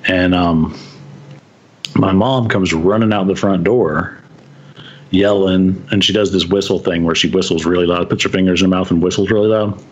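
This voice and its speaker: A man's voice: low voice, steady tone, normal speed, slightly rough, lo-fi sound. A man from West Texas, a podcast guest telling stories in casual chat and chuckling often as he goes. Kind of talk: casual storytelling.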